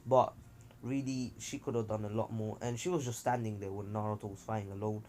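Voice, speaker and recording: A man's voice: on the low side, fairly even intonation, brisk, dark tone, a little hiss or hum. A man casually narrating a fan-made story as a channel host, chatty and rambling with fillers and slang.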